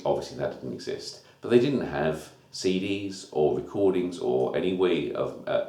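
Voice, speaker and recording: A man's voice: deep voice, darkish tone. A man teaching a music lesson, explaining new terms step by step in an informal way. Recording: echoey room.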